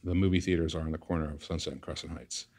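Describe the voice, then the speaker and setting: A middle-aged man from the San Fernando Valley, a guest telling a story in an interview and acting out old conversations with big jumps in his voice. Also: very fast. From the San Fernando Valley, California. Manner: animated storyteller acting out past conversations, voice jumping high in excitement.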